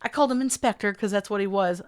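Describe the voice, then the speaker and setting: A woman's voice: medium pitch, fast, clear, resonant tone. A woman co-hosting a podcast, casually recapping a movie in a wry, riffing way and echoing her co-host's jokes. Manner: wry, riffs and echoes her co-host. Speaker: podcast co-host.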